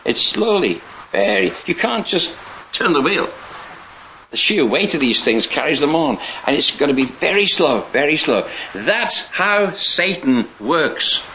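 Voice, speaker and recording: Bright-voiced man preaching a rambling sermon. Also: fairly high pitch, big pitch swings, unhurried, vocal fry. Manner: rambling, conversational, with restarts and chuckles. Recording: dull lo-fi recording with faint hiss.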